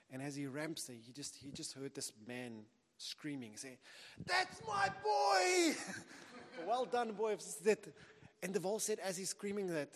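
A man's voice: mid-range voice, in a large hall. A man preaching a sermon in an earnest, conversational way.

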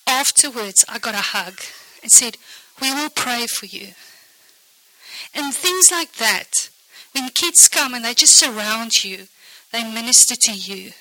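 A woman leading a children's church training, lively and animated, often asking "okay?" and dropping into soft whispers. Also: fairly high pitch, a little slow, dry recording, poor audio. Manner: animated, shifts between bright exclamations and hushed whispers; frequent "okay?" check-ins. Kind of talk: teaching volunteers, modelling a kids' talk.

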